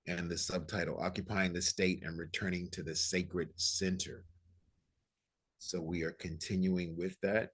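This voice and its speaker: A man with a deep voice, a spiritual teacher leading prayer and guided breathing over a video call in a calm, instructive way. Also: breathy edge. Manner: calm, prayerful, unhurried delivery; gently instructive, counting breaths aloud.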